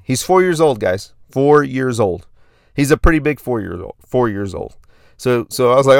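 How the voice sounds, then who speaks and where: A man in his thirties hosts a fitness podcast, telling a story in a hyped, repetitive way as a casual monologue. His mid-range voice has lively intonation at normal speed, recorded in a clean studio with no echo.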